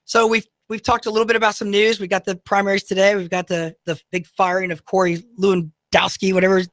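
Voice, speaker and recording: A call-in radio host talks to listeners from a studio in an easygoing, coaching tone, full of ums and restarts. The voice sits at a middling pitch. The sound is dry and close, with no room echo. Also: flat delivery, fast talker, fairly bright tone. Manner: casual, filler-heavy, motivational coaching talk. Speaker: radio talk show host.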